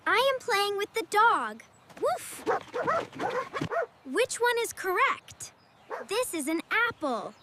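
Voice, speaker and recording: Cheerful cartoon kids. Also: female voice, extremely high pitch, noisy background, heavily acted. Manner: slow, simple questions and answers. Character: cheerful cartoon children, a boy and a girl. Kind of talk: animated kids' English lesson. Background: loud background music.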